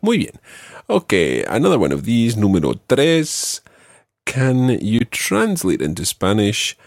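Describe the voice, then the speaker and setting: Gravelly, husky male language teacher. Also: on the low side, wildly swooping pitch, slow, no echo, studio quality. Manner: patient, clear, repeats and models phrases. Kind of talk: guiding a student through a spoken quiz.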